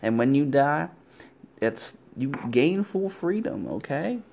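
A man puts on a rambling, slightly drunk middle-aged caller, drawling and loud. The voice has a gravelly, fried texture. It is an improvised comedy podcast bit. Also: on the high side, very animated, slow pace, slight background noise, pitched above the performer's own voice, exaggerated voice.

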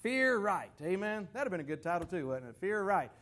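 A man preaching a sermon to a congregation in a folksy, animated way, joking asides and quoted scripture. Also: high voice, fast. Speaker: pastor.

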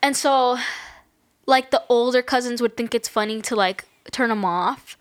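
A woman's voice: on the high side, moderate pace, clean tone. A young woman telling stories in casual chat, full of filler words. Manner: chatty storyteller, heavy filler "like".

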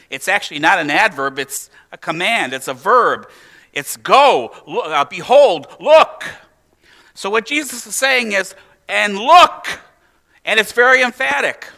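Animated preaching man, bright voice. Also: high-pitched, a little fast, hardly any pauses. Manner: animated preaching with emphatic rises and hushed drops. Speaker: pastor. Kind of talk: sermon.

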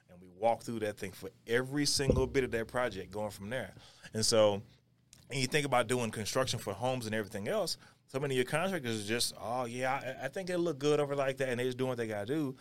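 A male podcast host speaking in a relaxed, conversational way. He backs his guest with quick agreements and then tells anecdotes from his own career. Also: mid-range voice. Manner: casual, frequent short agreements.

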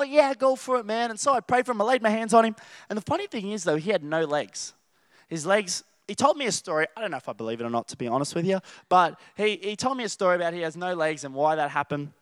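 A young Australian man preaching a casual sermon, rambling and animated, telling stories with laughter and restarts. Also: on the high side, no room sound, studio quality. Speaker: youth preacher.

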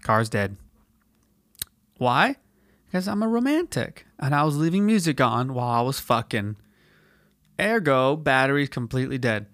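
A man's voice: mid-range voice, big pitch swings, moderate pace, pauses often, fairly bright tone, no room sound, studio quality. A man hosting a podcast, telling a story in a casual, profane, slangy way and acting out quotes in put-on voices. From United States. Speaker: podcast host.

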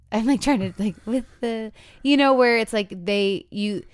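A woman's voice: measured pace, smooth, dry recording, clean studio sound. A woman in her thirties co-hosting a casual podcast, chatty and acting out the quotes she tells. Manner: chatty, acts out quotes with big pitch jumps. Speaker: podcast co-host.

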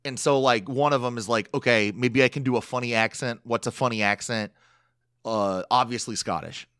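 A man's voice: medium pitch, fairly even intonation, normal speed, fairly bright tone, smooth, dry recording, clean studio sound. A young man co-hosting a podcast, chatting casually in a rambling way full of fillers and frequent laughs. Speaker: podcast co-host. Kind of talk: casual chat recapping a reality show.

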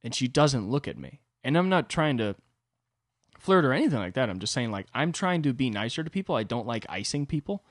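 A young man talks alone into a close mic with a dry, deadened sound, and his pitch leaps up and down as he acts out the people in his stories. He rambles in a self-deprecating, comedic way, like a casual solo podcast. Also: a little fast, no echo. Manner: self-deprecating, animated, acts out quoted voices. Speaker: podcast host.

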